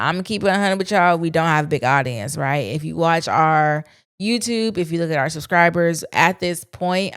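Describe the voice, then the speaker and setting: Woman, low voice, smooth and clear, candid podcast host, close dry mic. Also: dry recording. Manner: candid, conversational, speaks her mind with slang. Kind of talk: solo reflective podcast monologue.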